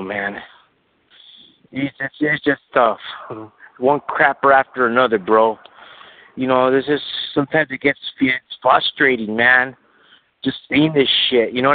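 A man's voice: medium pitch, no room sound. A man calling in to a sports radio show, ranting in a frustrated, profane, rambling way. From Bakersfield, California. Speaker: caller. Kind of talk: call-in sports radio rant. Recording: tinny phone line.

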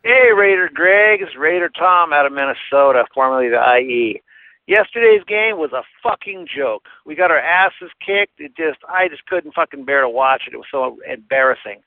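A man's voice: fairly high pitch, expressive, moderate pace, no echo. A man calling in to a podcast, a loyal fan who swears and sounds disgusted with his team but fond of the show. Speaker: caller. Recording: dry tinny phone line.

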